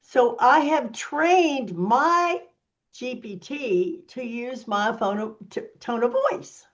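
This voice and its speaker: Slow, sassy woman explaining things. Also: fairly high pitch, muffled recording. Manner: animated, sassy, explaining step by step. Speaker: workshop presenter. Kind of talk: casual teaching talk.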